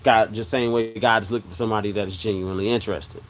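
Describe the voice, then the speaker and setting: On a live stream with a rough recording and slight background noise, a man with a fairly low, steady voice talks fast and casually. He earnestly shares a personal religious testimony, repeating his points for emphasis.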